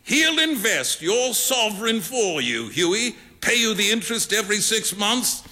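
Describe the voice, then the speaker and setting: A man reading the part of a young English gentleman who teases his friend in brisk, jovial lines. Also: sits high, very animated, big-room sound, voice pushed up, exaggerated voice. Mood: teasing.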